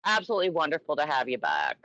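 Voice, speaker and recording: A woman's voice: low voice, wildly swooping pitch, quick pace, pushed and bright, no echo. A woman from New York co-hosting a movie podcast, bantering playfully after a few drinks. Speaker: podcast co-host. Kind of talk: casual chat. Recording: slightly dull, dry sound.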